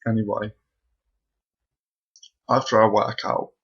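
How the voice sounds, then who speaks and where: A man's voice: on the low side, level tone, slow, creaky, slightly rough. A young man rambling through a spooky personal story at home, with lots of fillers. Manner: breathless, rambling, full of fillers. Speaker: vlogger. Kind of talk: casual storytelling to camera. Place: bedroom at home. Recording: dull lo-fi home recording.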